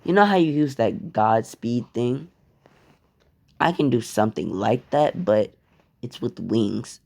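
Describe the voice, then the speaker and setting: A cocky teen boy hero boasting about his lava powers, as a man reads him out. He speaks with a casual, swearing swagger in a mellow, low-key voice. The voice sits at a middling pitch. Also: lively intonation, slow, gravelly, heavily acted. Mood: boastful.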